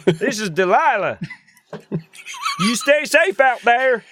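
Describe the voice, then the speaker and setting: A man voicing a lonely woman fire lookout on a radio, in a goofy, flirty, breathy falsetto with walkie-talkie sign-offs. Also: sing-song, slow, noisy background, exaggerated voice. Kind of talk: comedic impression in a podcast interview.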